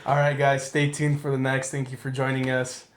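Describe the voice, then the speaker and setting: A man's voice: medium pitch, monotone, moderate pace, slight background noise. A man co-hosting a podcast, chiming in casually and wrapping up the episode. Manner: chiming in, wraps up the show. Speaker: podcast co-host. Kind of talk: casual chat.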